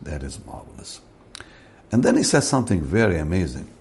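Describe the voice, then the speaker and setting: Deep gravelly-voiced man preaching. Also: sing-song, darkish tone, a little hiss or hum. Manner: slow deliberate preaching, emphatic rises on key words. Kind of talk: sermon.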